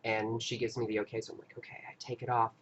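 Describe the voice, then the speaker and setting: A man hosting a live stream, earnestly recounting an experience in a halting, casual way with frequent restarts. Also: fairly low pitch, completely flat delivery, slight background noise. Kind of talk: casual storytelling.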